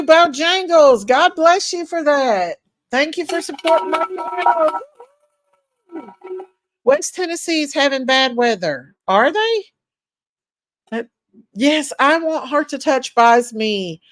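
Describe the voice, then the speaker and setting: A woman hosting a casual livestream. She reads viewer comments aloud, greets people by name and gushes with excitement. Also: fairly high pitch, no room sound, studio quality. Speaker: livestream host. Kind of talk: casual live chat reading viewer comments.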